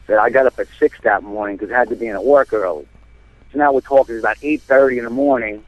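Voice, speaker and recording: A man from New Jersey, calling in and telling a rambling, animated story with lots of fillers. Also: medium pitch, fast, no echo. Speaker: caller. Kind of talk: casual storytelling. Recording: tinny phone line.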